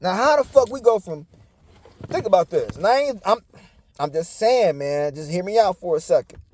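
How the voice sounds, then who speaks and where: A man's voice: high-pitched, expressive, normal speed, a little mellow, a little hiss or hum. A young man, talking in a blunt, profane, preachy casual monologue. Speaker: commentator.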